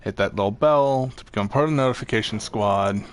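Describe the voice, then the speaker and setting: A man's voice: fairly low pitch, a little fast. A young man casually commenting on his gameplay, laid-back, joking and rambling. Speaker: gaming YouTuber.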